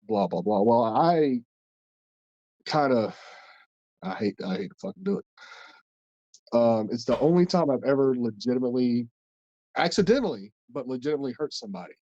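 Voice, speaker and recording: A man tells a story on a podcast in a dark, mellow voice, blunt and swearing nonstop. The sound is dry, with little room echo. The audio is a little muffled and lo-fi. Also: mid-range voice. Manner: blunt, heavy swearing, rambling. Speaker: podcast host and wrestler. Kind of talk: casual storytelling.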